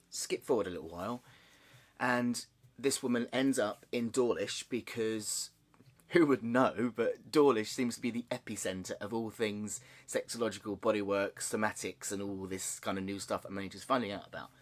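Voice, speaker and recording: A man sharing a personal story in a candid, halting way, with nervous laughs and frequent restarts. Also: lowish voice. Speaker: vlogger. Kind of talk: personal confessional vlog.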